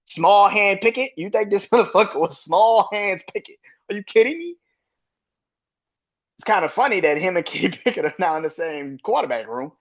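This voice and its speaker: A man's voice: high voice, animated, normal speed, highs cut off. A man hosting a solo sports podcast, ranting with heated profanity and arguing back at imagined critics. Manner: emphatic, argues with imagined critics.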